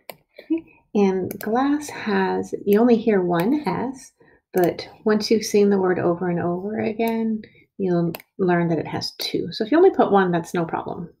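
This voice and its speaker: A teacher guides young children through writing a sentence word by word in an early reading and writing lesson, slow and patient, stretching out each sound. Her mid-range voice is mellow, with a touch of gravel at the ends of phrases.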